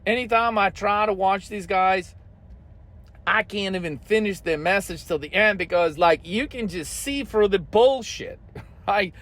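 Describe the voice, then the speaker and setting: A man's voice: high voice, measured pace, fairly bright tone. A man hosting a trading channel, ranting heatedly and swearing constantly as he comments on the markets.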